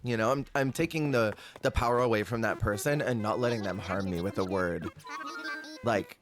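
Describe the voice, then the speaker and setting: A man's voice: fairly low pitch, faint music behind. A man streaming a life-sim game, chatting with viewers and telling stories in a casual, laughing way. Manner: chatty, storytelling, quick laughs. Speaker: Twitch streamer. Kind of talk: casual gameplay chat with viewers.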